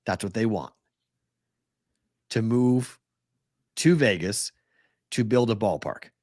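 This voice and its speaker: Middle-aged Boston-accented sports talk co-host, chatty, laughs easily, very dry close sound. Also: male voice, fairly low pitch, animated, slow, darkish tone, dry recording. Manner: chatty storyteller, laughs often.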